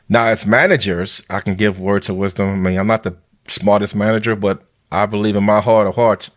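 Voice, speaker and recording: A man, a biomed manager and podcast host, giving earnest, heartfelt advice in a casual podcast chat. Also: fairly low pitch.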